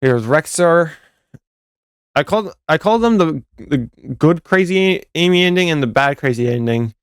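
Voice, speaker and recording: This young fan game developer's voice sits on the high side, smooth and animated but unhurried, captured at studio quality with no echo. Commenting casually over footage, he wanders off track, fixes his own slips, and chuckles at his jokes.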